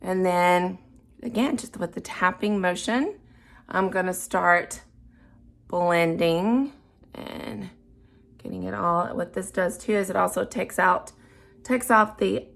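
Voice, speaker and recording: A woman filming her first makeup tutorial, chatting casually and unsure of herself, dropping into soft murmurs while she concentrates on the brush work. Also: lowish voice, gravelly. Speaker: beginner makeup vlogger.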